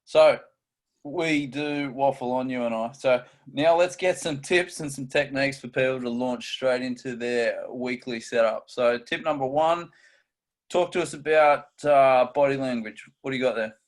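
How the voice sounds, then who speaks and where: A man co-hosting a casual podcast chat, energetic and steering the talk through tips. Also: medium pitch, moderate pace. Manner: energetic, steers topics, chatty asides. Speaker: co-host.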